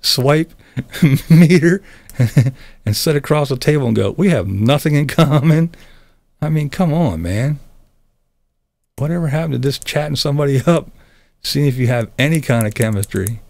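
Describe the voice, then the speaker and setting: A man's voice: medium pitch, expressive, moderate pace, creaky, long pauses, darkish tone, no room sound. A middle-aged man hosting a live stream, chatting casually with viewers in a blunt, sarcastic way, swearing and laughing often. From Pennsylvania.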